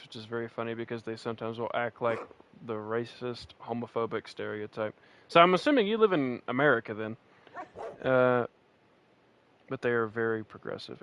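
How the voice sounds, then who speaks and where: A man's voice: medium pitch, fairly bright tone, smooth, lo-fi sound. A man streaming a game in casual chat, rambling, laughing often and answering his chat. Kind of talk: casual chat while playing and reading chat.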